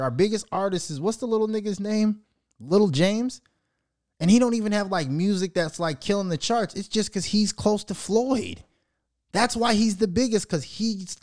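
A man's voice: sits high, a little mellow, dry recording, studio quality. A man from Minnesota hosting his own show, ranting casually in a mocking, profane way and laughing often. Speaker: show host. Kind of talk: casual solo rant.

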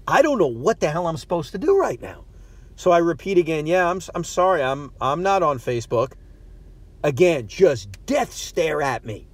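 A man's voice: sits high, no room sound. A man, hosting a podcast and telling a story in a casual, self-deprecating way, often stammering as he restarts. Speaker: podcast host. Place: parked car.

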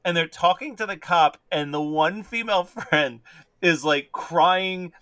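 A man's voice: high voice, measured pace, sharp tone, no room sound. A man co-hosting a casual movie podcast, telling amused stories and laughing often. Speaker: podcast co-host. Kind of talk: casual movie-review chat.

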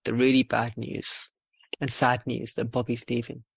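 A man's voice: medium pitch, monotone, normal speed, vocal fry, husky, no room sound. A man hosting a casual podcast chat, joking, swearing and laughing at his own gags. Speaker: podcast host. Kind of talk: casual banter.

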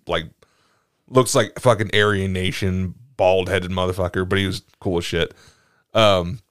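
A man co-hosting a casual podcast who tells stories with frequent laughter and jumps up into a high register. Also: no room sound, studio quality. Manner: laughs a lot, goes to high, giggly peaks when telling stories. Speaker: podcast co-host. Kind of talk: casual storytelling chat.

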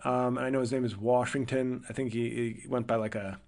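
A man at a middle pitch hosts his podcast with a loose, conversational story. He wanders through his thoughts, restarting and correcting himself as he goes. His voice lifts and brightens whenever he quotes someone. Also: fairly even intonation, a little fast. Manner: rambling, self-correcting, thinks aloud; livelier and higher when quoting people. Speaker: podcast host. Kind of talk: casual storytelling monologue.

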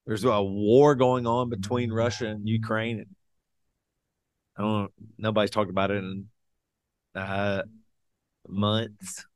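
A man's voice: fairly low pitch, flat delivery, slow, pauses often. A man hosting a podcast, chatting casually with rambling, jokey asides. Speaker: podcast host and touring musician.

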